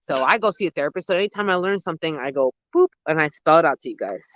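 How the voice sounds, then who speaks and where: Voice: medium pitch, rapid-fire, no room sound, highs cut off. Chatty, slangy gardener in their thirties. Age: 30s. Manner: chatty, slangy and excitable, rambling. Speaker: gardening channel host. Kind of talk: casual live-stream chat answering viewers. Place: outdoors at dusk.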